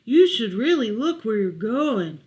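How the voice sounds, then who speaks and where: Storybook moose, male, firm and kind, read by a woman, unhurried, fairly high. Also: big pitch swings, a little mellow.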